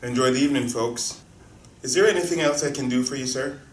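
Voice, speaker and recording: A man's voice: mid-range voice, fast, close to an everyday voice. A man playing a polite, firm security guard. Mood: formal. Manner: courteous, formal, steady. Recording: roomy distant sound with faint noise.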